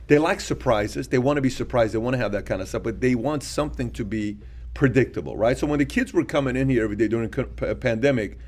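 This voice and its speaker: A middle-aged man co-hosting a casual podcast chat. He works his ideas out as he speaks, looping back and restarting his phrases. His voice sits at an ordinary middle pitch. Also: quick pace. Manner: thinks aloud with repeated restarts. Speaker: podcast co-host.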